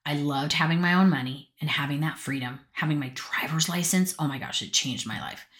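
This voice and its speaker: Reading personal stories from her notes, this Utah podcast storyteller speaks briskly in a low, slightly bright voice. Her casual storytelling rambles chattily and is frequently interrupted by laughter and asides.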